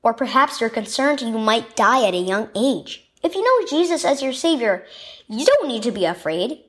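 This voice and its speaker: A woman reading a children's devotional story aloud in an expressive storytelling manner. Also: on the high side, moderate pace. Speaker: devotional reader. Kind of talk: scripted narration of a children's devotional.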